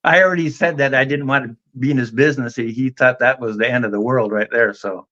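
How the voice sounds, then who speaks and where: A man's voice: mid-range voice, quick pace, fairly bright tone, muffled recording. A middle-aged man, telling a long story in a folksy, drawling way on a casual talk show. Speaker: guest on a vinyl community live show.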